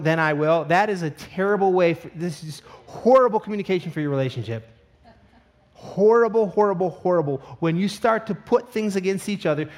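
Man, middle-aged, pastor, high voice, comic anecdotes, animated sermon delivery. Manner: comedic storytelling, animated asides. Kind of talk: sermon with personal story.

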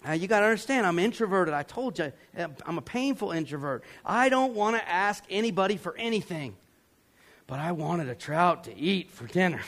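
A man from Georgia, preaching a sermon as a pastor, telling a story with animated acted-out voices. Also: high voice, normal speed. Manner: animated, acts out voices and yells for effect.

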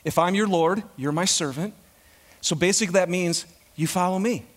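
A male pastor preaching a sermon in an animated way, throwing questions out to the congregation. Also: high voice, normal speed.

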